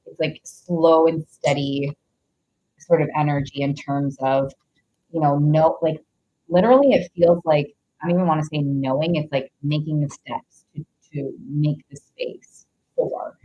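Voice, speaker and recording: Low-voiced woman doing a rambling tarot reading. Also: steady tone, a little slow, dull audio. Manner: rambling, heavy use of "like", greets viewers mid-reading. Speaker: tarot reader. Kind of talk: live-streamed tarot reading.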